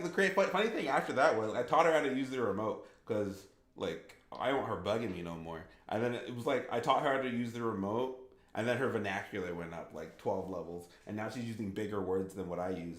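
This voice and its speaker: A man in his thirties, a gaming streamer chatting casually and rambling with lots of "like" and restarts. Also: on the low side. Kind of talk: casual livestream chat. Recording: echoey room.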